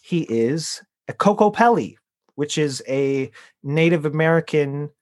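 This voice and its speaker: This podcast co-host has a fairly high, expressive voice and takes his time, rambling through casual chat. He searches for words with lots of fillers and restarts.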